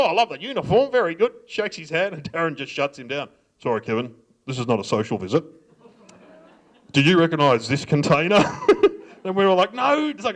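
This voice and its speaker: Animated Australian man telling stories. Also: on the high side. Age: middle-aged. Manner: animated, acts out voices of family and cops, laughs often. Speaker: stand-up comedian. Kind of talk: stand-up storytelling. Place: library event before a live audience.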